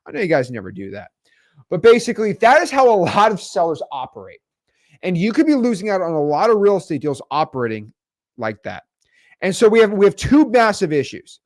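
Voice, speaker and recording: A man casually teaching real estate wholesaling to the camera, animated and conversational, tagging sentences with okay and right. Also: high voice, brisk, no room sound, studio quality.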